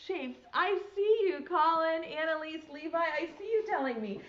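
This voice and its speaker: A woman's voice: very high voice, lively intonation, normal speed, a bit bright, lo-fi sound, slight background noise. A young woman teaching a virtual preschool lesson, talking to small children in a sing-song, encouraging way and stretching out sounds.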